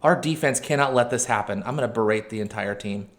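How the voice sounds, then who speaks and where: A man hosting a let's-play, commentating a match with excitable outbursts, shouting at his players and correcting himself. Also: mid-range voice, quick pace. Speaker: video game channel host.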